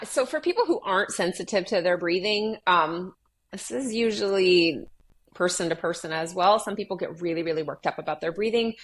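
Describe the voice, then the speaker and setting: A middle-aged woman talking casually in an interview, animatedly acting out conversations with clients and often restarting her sentences. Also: on the low side. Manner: animated, acts out quoted dialogue with clients. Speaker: guest sharing her experience with anxiety.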